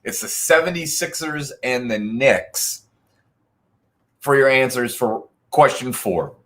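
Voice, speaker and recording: At a medium pitch and an unhurried pace, the man emcees an online trivia night. He announces answers and point totals, mocking chat players with sarcastic quips.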